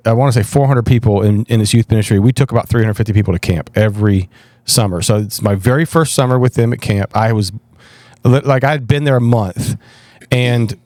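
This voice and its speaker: A man, talking at a middle pitch in a dry, close recording. He tells stories in an animated, self-deprecating way and often restarts his sentences. He sounds relaxed, as in a casual chat. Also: no echo. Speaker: pastor guest.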